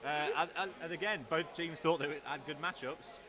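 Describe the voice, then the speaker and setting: A man's voice: a little high, normal speed, crowd noise. A man co-hosting a casual wargaming livestream, bantering and laughing, often restarting his sentences. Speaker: co-host of a wargaming stream. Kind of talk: casual stream chat.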